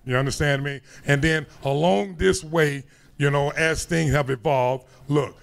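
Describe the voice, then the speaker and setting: A man with a rough, gravelly voice, pitched a little above the usual, chatting loosely on a convention panel. He talks in a relaxed way, throws in curse words and checks in with the crowd. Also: measured pace. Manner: laid-back, swears, laughs often, asks the crowd to follow. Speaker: panel guest, retired wrestler. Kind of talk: casual panel chat.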